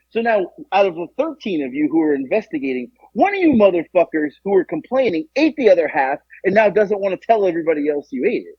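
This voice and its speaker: Animated, husky-voiced man telling a story. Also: high voice, fast, few pauses, dry recording, dull audio. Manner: animated, profane, acts out the voices of others. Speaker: podcast co-host. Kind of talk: casual storytelling chat.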